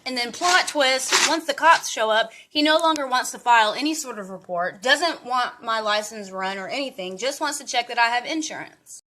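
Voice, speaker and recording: A young woman from Dallas telling a storytime vlog in a profane, animated way. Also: a little high, normal speed, hardly any pauses, slight background noise. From Dallas, Texas. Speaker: vlogger.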